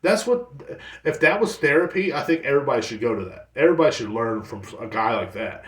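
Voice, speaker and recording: A man's voice: mid-range voice, lively intonation, quick pace, roomy sound, distant mic. A man in his thirties hosting a casual solo podcast, rambling and blunt, with lots of swearing. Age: 30s. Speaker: podcast host.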